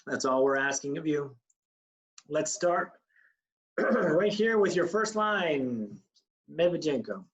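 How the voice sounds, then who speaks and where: Guy running an acting class, fairly high voice, upbeat coaching, demos lines. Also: lively intonation, slow, pauses often, rough recording. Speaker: acting teacher. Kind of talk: online acting class instruction.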